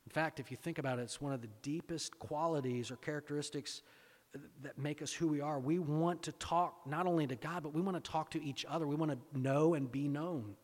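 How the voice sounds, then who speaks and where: A man's voice: on the high side, fairly quick, in a large hall. A male pastor giving a sermon, asking rhetorical questions and repeating phrases for emphasis.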